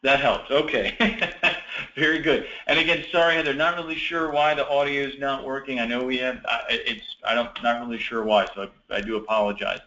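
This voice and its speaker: A man hosting an online meeting for student teachers, encouraging and apologetic, with many halting restarts. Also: mid-range voice, steady tone, sharp tone, roomy sound, muffled recording.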